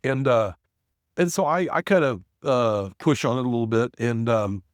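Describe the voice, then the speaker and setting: A man's voice: mid-range voice, normal speed, no echo. Rambling middle-aged man telling a story. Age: 40s. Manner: rambling, frequent restarts and fillers. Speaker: podcast guest, business owner. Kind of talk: casual storytelling.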